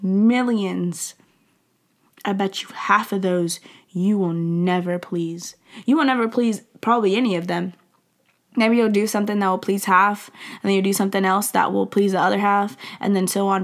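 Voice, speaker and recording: A young woman giving a heartfelt faith talk to listeners, emotional and often dropping into a whisper, with many "like" fillers. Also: medium pitch. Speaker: faith speaker.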